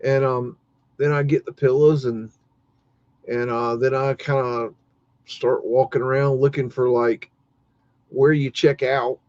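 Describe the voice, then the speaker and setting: A man's voice: mid-range voice, flat delivery, measured pace, pauses often, a little mellow, no echo. A man hosting a live stream, telling a rambling story full of cursing and restarts, sounding exasperated. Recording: dull lo-fi dry sound.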